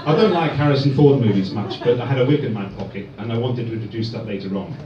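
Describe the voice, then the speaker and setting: Deadpan man doing stand-up from afar. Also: mid-range voice, fast talker, distant mic, heavy background noise. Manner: deadpan one-liners. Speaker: stand-up comedian. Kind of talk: stand-up set. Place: comedy club room. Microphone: far phone recording. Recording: echoey dull phone recording from afar.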